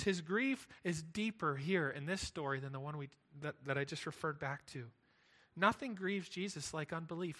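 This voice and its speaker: A man's voice: high voice, pushed and bright. A man preaching a sermon, earnest and emphatic, building points through repetition. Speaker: pastor.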